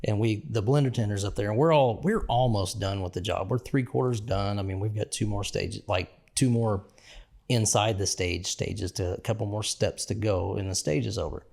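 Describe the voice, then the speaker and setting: A man's voice: lowish voice, vocal fry, darkish tone. A man co-hosting a casual podcast, telling a work story in a laid-back way. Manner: laid-back, easygoing, with fillers and restarts. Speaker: podcast co-host, former frac field worker.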